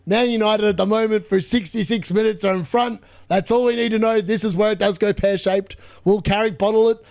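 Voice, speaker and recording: A man with a fairly high voice talks through a live football match for his viewers. He chats and laughs, reads out messages from the chat, then shouts excited play-by-play when an attack builds. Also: brisk. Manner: excitable, bursts into shouted play-by-play at big moments; chatty, laughs often, reads chat aloud. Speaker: live watchalong streamer. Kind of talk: live football watchalong reaction.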